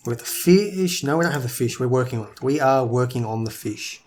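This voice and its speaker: A man's voice: mid-range voice, lively intonation, brisk, darkish tone. A man giving casual gameplay commentary, thinking aloud and sometimes tripping over his words. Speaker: let's play gamer.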